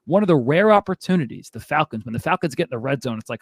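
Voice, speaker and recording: A man's voice: mid-range voice, expressive, quick pace, gravelly. A man hosting a fantasy football show, ranting in an exasperated, casual way. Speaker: fantasy football podcast host. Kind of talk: casual sports commentary.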